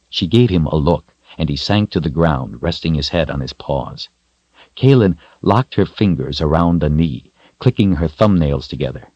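A man narrating a fantasy audiobook in a steady, measured way. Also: very deep voice, no room sound, highs cut off. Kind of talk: scripted narration.

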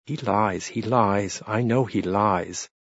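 A man voicing a horrified young man's quiet inner thoughts in an audiobook reading. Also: lowish voice, takes it slowly, slightly rough, dry recording, exaggerated voice. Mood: shaken inward. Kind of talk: audiobook narration. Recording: dull lo-fi dry read.

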